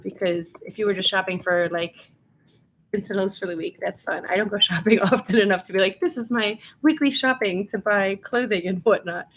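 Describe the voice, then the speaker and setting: A chatty reseller from Long Island, New York, hosts a casual livestream while processing inventory, speaking fairly quickly in a mid-range, fairly bright voice. She laughs often, talks to viewers, and reads out item details; there's a little hiss or hum on the audio.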